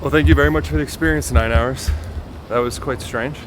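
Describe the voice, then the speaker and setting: A man's voice: mid-range voice, fairly even intonation, a little fast, slight background noise. A young man vlogging casually from a capsule hotel, often dropping to a whisper. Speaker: travel vlogger. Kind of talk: casual vlog narration.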